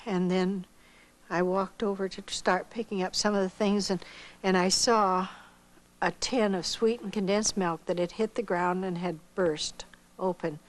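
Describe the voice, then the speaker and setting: A woman's voice: medium pitch, measured pace, poor audio. Older woman telling a vivid personal story. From Iowa, United States. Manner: animated storyteller who acts out quoted dialogue. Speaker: missionary giving her testimony. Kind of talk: storytelling testimony.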